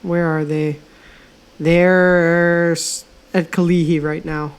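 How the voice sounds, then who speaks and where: A man's voice: fairly high pitch, level tone, slow, clean tone. A laid-back man co-hosting a casual podcast chat. He talks in an easygoing way and swears casually as he goes. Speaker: podcast co-host.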